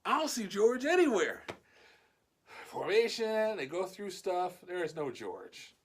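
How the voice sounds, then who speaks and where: A man casually telling a story in his vlog, animated and swearing freely. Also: sits high, a little slow, slightly rough.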